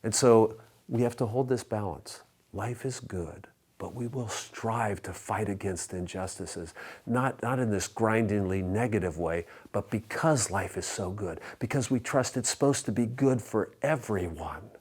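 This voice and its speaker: A low-pitched man preaching from the pulpit of a church. He speaks in a measured, reflective way, and his voice sinks almost to a whisper on the sayings he repeats. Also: slightly rough. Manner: measured preaching with soft, hushed repeated refrains. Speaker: pastor. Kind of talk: sermon. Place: church sanctuary.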